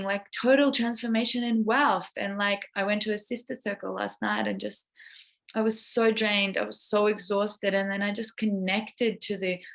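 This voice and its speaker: Emotionally open young woman, confiding. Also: mid-range voice. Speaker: coach sharing a personal update. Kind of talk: emotional personal vlog.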